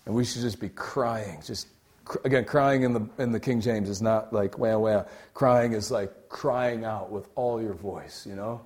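A young adult man preaching a sermon, swinging between loud exclaiming and quiet, near-whispered passages. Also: fairly low pitch, unhurried.

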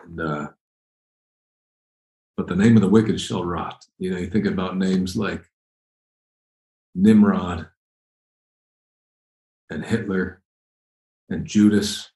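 Mężczyzna, niski głos, kazanie w pogłosie. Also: male voice, low voice, slow, long pauses, warm tone, roomy sound, poor audio. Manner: conversational, emphatic, repeats phrases. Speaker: preacher. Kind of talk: expository sermon.

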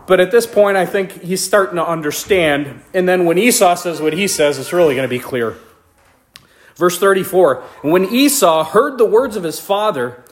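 A man leading a casual verse-by-verse Bible study, reading scripture aloud and commenting with playful asides. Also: fairly high pitch. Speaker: Bible teacher.

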